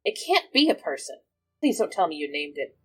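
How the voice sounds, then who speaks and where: A woman's voice: on the low side, big pitch swings, brisk, breathy edge, soft background music. A woman voicing a scornful, impatient male elf in a tabletop game, speaking sharply with a raised voice. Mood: exasperated. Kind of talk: tabletop role-play voice.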